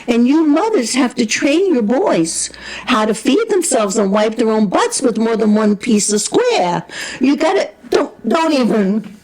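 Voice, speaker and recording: A woman with a New York accent, a returning guest on a talk show, scolding her husband forcefully and then gushing. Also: a little high, very animated, unhurried, low-quality recording. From Brooklyn, New York. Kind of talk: heated on-air couple argument.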